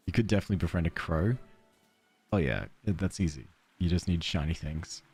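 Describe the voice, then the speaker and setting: Low gravelly Australian guy streaming. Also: normal speed, darkish tone, faint music behind. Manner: rambling, self-deprecating, chuckling. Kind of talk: casual let's-play chat, reading chat aloud.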